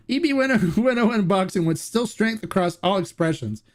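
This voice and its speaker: A man hosting a casual tequila review livestream, excitable and chatty, laughing often and restarting his sentences. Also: sits high, a little slow.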